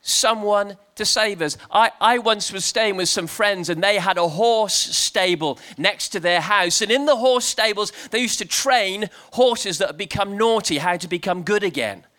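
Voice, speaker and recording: A man preaching to a crowd in an animated, playful storytelling style, leading the crowd in shouting. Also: high voice, normal speed, few pauses. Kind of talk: lively storytelling sermon to a crowd.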